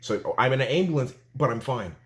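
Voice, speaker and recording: A young man from Canada telling a story in a casual vlog, animated and full of fillers, acting out what he said at the time. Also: mid-range voice, quick pace. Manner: animated storytelling, filler-heavy, acts out his own quotes. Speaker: vlogger.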